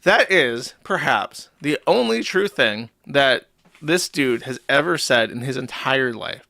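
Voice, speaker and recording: A man's voice: medium pitch, animated, a little slow, gravelly, bright, forceful tone, no echo, studio quality. A man hosting a livestream, giving sarcastic, mocking commentary and swearing freely. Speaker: livestream host.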